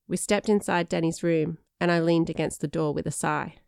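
A woman narrating a first-person story in a lively, expressive way. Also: sits low, normal speed, creaky, few pauses, smooth, no room sound, clean studio sound. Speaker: audiobook narrator.

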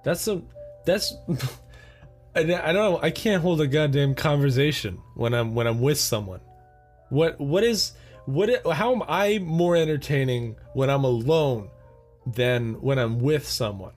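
A man's voice: on the high side, lively intonation, unhurried, darkish tone, soft background music. A young man hosting a solo podcast, rambling casually, laughing at his own jokes and swearing freely. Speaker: podcast host.

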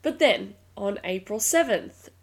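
A woman hosts a true crime podcast in a loose, chatty way. She is blunt and exasperated, swears freely and laughs often. Her voice sits at a middle pitch for a woman. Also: animated, measured pace, vocal fry. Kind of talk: casual storytelling podcast narration.

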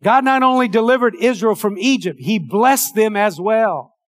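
An older man delivers a sermon in a notably high voice. He preaches with fervor, dropping low and hushed before building back up to shouts. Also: lively intonation, normal speed. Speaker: pastor.

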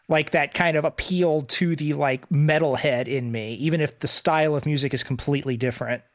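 A man's voice: a little high, steady tone, fairly quick. A man co-hosting a music podcast, talking casually and enthusiastically, with lots of "like" fillers. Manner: enthusiastic, rambling with many "like" fillers. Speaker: podcast co-host. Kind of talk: casual music review chat.

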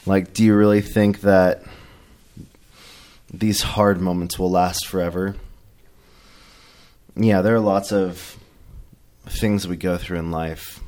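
Slow, deep-voiced man musing on faith. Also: fairly even intonation, a little mellow. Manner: reflective, halting, many fillers. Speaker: podcast co-host. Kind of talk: casual faith discussion.

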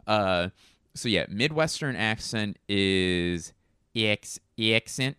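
A man with a low, smooth voice delivers a rambling comic monologue. He is self-mocking and curses freely, and the recording is close and dry. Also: animated, measured pace, a bit bright, no room sound.

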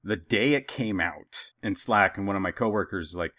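A man's voice: deep voice, moderate pace, hardly any pauses, no echo, studio quality. A man in his thirties telling funny stories on a podcast, acting out what other people said. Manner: animated storyteller who acts out other people's voices. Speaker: podcast co-host. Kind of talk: casual storytelling.

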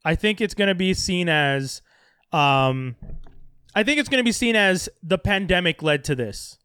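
A man in casual chat about movies, animated and laughing often, acting out bits of dialogue. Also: high voice, moderate pace, clean tone, no room sound, studio quality.

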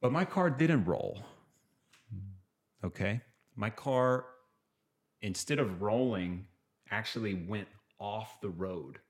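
A man telling a personal story as a guest on a podcast, animated and acting out what people said. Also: fairly low pitch, slow, pauses often. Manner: animated, acts out quotes, trails off and restarts. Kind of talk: casual storytelling in a podcast interview.

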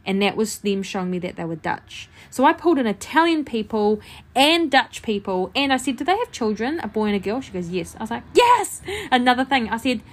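A woman talks through a reading she gave as a medium, in a casual, chatty way. She fills her sentences with "like" and "um" and acts out the back-and-forth with lively quotes. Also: a little high, brisk. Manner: chatty, animated, many fillers and "like". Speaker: medium, podcast host. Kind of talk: casual storytelling to listeners.

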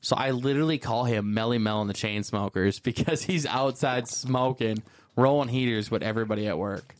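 A man's voice: medium pitch, fairly quick, no echo. A man co-hosting a casual chat show, telling a story and acting out the quotes in voices. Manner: animated, acts out quotes in voices. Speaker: podcast co-host.

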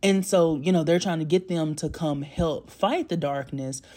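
Speaking at normal speed in a fairly high voice with a dark tone, a movie reviewer offers a casual recap of a film. He's chatty and slangy, frequently laughing and making jokes at his own expense.

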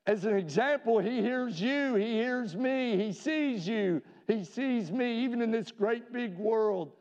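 A male pastor preaching a sermon in a church, earnest, with rhetorical questions and slowing down for emphasis. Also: very high-pitched, a little mellow. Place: church sanctuary. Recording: dull reverberant church recording.

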